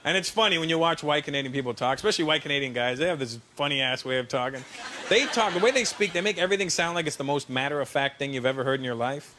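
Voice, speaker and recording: A man doing a stand-up routine on stage, talking straight to the crowd in an animated, confiding way. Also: fairly high pitch, fast talker. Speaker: stand-up comedian. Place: stage in front of a live audience. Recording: noisy played-back stand-up clip.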